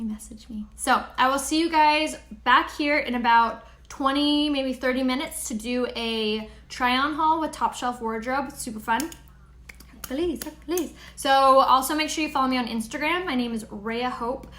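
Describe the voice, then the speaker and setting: A woman hosting a live makeup tutorial, chatting upbeat with viewers and pitching her products. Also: normal speed, hardly any pauses, fairly bright tone, roomy sound. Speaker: makeup seller and tutorial host.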